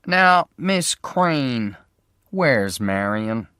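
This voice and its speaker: A flat, unfriendly private detective speaks in slow, deliberate words, as a male narrator plays him. He lets each phrase land with measured weight. The recording is close and dry. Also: mid-range voice, clean tone, dry recording, pitched above the performer's own voice, full character voice. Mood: cold questioning.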